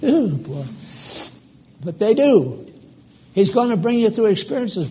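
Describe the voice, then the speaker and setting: A man's voice: high voice, expressive, moderate pace, vocal fry, warm tone. An older man preaching a live sermon, emphatic and rambling, stopping to quiz his congregation.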